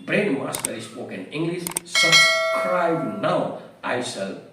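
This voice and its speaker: A man giving a careful English vocabulary lesson, explaining each word slowly with examples. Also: a little high, expressive, very noisy. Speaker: English teacher. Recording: very echoey room, voice far from the mic.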